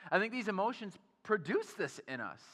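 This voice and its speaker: A man's voice: sits high, big pitch swings, a little fast, fairly bright tone, long reverb tail. A man in his thirties preaching a sermon, telling personal stories in a casual way full of fillers. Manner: casual, storytelling, many fillers like "like". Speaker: pastor. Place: church sanctuary.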